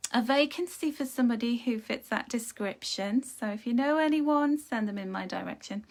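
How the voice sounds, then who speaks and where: Woman, card reader, live chatty reading, drifts soft and slow on affirmations. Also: a little high. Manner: chatty, warm-hearted, laughs and reacts to viewer comments.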